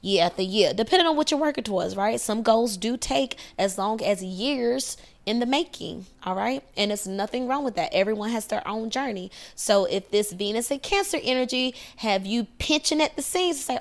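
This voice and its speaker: A woman hosting a podcast, giving casual astrology advice in a lively way, often checking in with "right?" and "okay?". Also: medium pitch, normal speed, creaky. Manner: animated, acts out quoted voices, frequent "right?" and "okay?". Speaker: podcast host.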